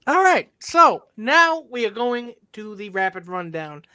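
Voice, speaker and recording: A man's voice: high voice, very animated, unhurried, sharp tone, clear, resonant tone. A man appearing as a podcast guest, making football picks in a joking, casual way. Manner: joking, swears freely. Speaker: guest from another show. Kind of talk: casual sports betting talk.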